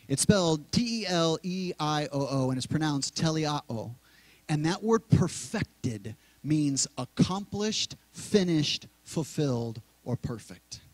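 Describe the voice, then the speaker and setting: A middle-aged male pastor preaching in a church sanctuary, talking conversationally and slowly repeating key words. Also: fairly high pitch, expressive, no echo, rough recording. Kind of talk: sermon.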